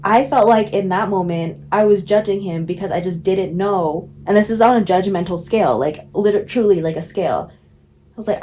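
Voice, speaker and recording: Young woman, casual self-reflective vlogger, candid with frequent laughs, mid-pitched voice. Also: normal speed, mellow. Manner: candid, laughs often, says "like" a lot, swears casually. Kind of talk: casual reflective vlog talk.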